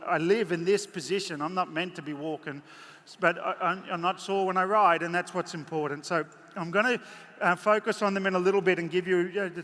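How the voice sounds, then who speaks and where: An Australian horseman talks to the crowd from the saddle in a high, bright voice, swinging between jokes and tearful warmth. His headset mic picks up the long echo of a big indoor arena with faint ambience behind. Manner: emotional, joking, chatty storyteller. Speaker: horse trainer giving a clinic. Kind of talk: live clinic commentary from horseback.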